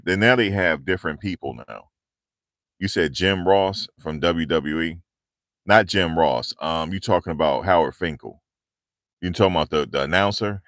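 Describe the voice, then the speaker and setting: A man's voice: sits low, a bit bright, no echo, clean studio sound. A man, chatting casually with viewers on a livestream, joking and answering comments, speaking into a handheld clip mic. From tri-state area around New York. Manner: loose, joking, reads and answers chat. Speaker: livestream host. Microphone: handheld lavalier mic.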